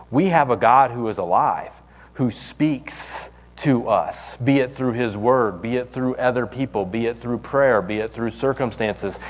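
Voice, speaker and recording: A man preaching a sermon as pastor, in a casual, conversational way with fillers and restarts. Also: lowish voice. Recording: long reverb of a hall.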